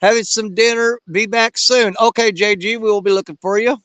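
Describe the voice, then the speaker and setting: A man's voice: high voice, steady tone, brisk, a bit bright, clean tone, no echo. A man hosting a casual livestream, greeting viewers by name in a folksy, drawling way. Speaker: livestream host. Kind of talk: casual livestream chat reading viewer comments.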